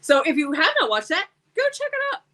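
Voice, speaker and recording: A woman co-hosting a casual livestream chat, agreeable and quick to chime in with backing remarks. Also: sits high, huge pitch swings, bright, forceful tone. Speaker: podcast co-host.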